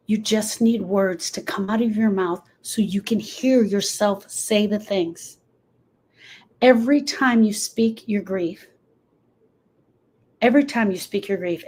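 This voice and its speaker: In a low-quality recording, a woman with a medium-pitched, darkish voice talks to camera as a grief coach and podcast host. She leads listeners through coping tools and repeats key phrases for emphasis.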